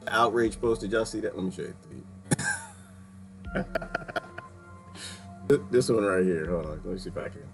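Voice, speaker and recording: A man's voice: lowish voice, moderate pace, gravelly, pauses often, soft background music. A man hosting a casual livestream, talking straight to his chat viewers and laughing often. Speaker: livestream host.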